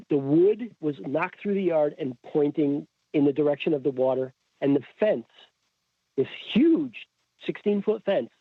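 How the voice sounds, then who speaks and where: A man's voice: fairly high pitch, no echo. A man from Connecticut, a podcast guest, telling a story in casual chat and acting out the quoted voices. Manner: acts out the quoted voices as he tells. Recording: tinny phone-like line.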